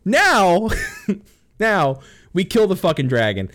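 Man, high voice with a wide bouncing range, profane comic storyteller who laughs constantly and acts out the characters. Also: wildly swooping pitch, slow, a bit bright. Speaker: storyteller recapping a game plot. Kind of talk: rambling comedic recap.

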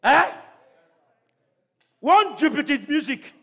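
A man preaching a sermon to a church congregation, calling out questions to the crowd and often shouting. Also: very high-pitched, sing-song, slow, vocal fry. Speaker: pastor.

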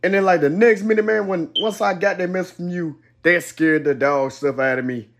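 Higher-voiced man telling a story. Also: a little fast, background noise. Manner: animated storytelling with fillers. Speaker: guest. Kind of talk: casual chat.

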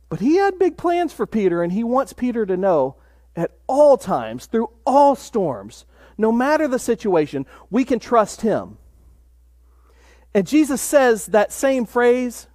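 A middle-aged man preaching a sermon, stressing key phrases by slowing right down. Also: very high-pitched, very animated, a little mellow, no echo, clean studio sound. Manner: emphatic, slows down on key phrases. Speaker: pastor.

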